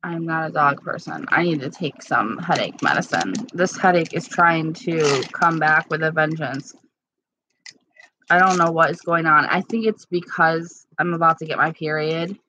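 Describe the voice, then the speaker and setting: A woman chatting casually with live-stream viewers at home, candid and quick to laugh. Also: deep voice, background noise. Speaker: livestream host. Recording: slightly dull lo-fi sound.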